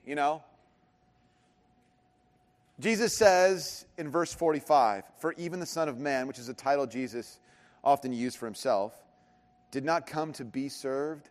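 A man's voice: medium pitch, a little slow, long pauses. Man preaching in a reverberant hall. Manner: conversational, joking asides. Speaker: pastor. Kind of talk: sermon.

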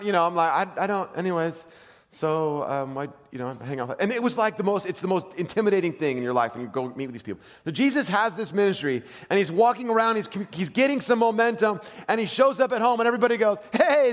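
Man preaching in a reverberant hall. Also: a little high. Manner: animated, self-deprecating storytelling. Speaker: pastor. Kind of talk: sermon.

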